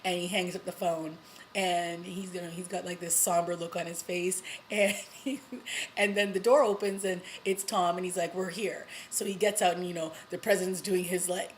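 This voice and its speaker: A woman vlogger recapping a TV episode in a casual, excited way, with lots of "you know" and little laughs. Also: on the low side, normal speed, a little hiss or hum, poor audio. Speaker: TV review vlogger.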